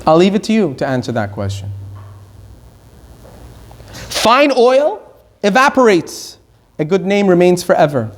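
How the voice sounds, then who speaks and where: A middle-aged man from Iran giving a Torah lecture as a rabbi, stressing key words slowly and rushing through asides. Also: high-pitched, very animated.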